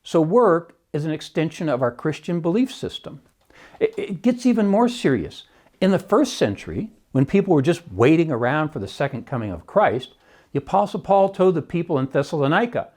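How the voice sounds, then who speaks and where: A man's voice: a little high, very animated, moderate pace, darkish tone. A man, an economics professor, giving prepared podcast commentary in an emphatic way, often opening points with "See," and adding wry asides.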